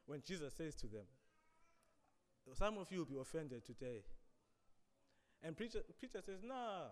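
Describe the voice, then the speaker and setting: A man preaching a sermon, dramatic, swinging between loud emphasis and quiet asides. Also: on the high side, big-room sound.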